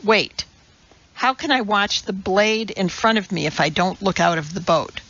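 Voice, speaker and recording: A woman voicing a sharp young woman who speaks bluntly and asks pointed questions. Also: mid-range voice, lively intonation, normal speed, lo-fi sound. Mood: nervous.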